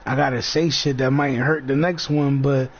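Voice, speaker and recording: A man's voice: mid-range voice, little pitch movement, normal speed, breathy edge. A man in a casual rambling monologue, laid-back and slangy, talking in loose fragments. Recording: dull lo-fi sound with faint background noise.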